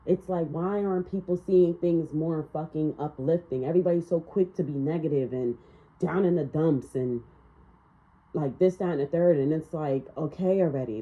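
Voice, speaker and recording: Lowish-voiced lady ranting thru a tarot reading, cusses a lot, kinda muffled lo-fi sound. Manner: blunt, profane, ranting. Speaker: tarot reader. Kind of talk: casual spiritual tarot reading.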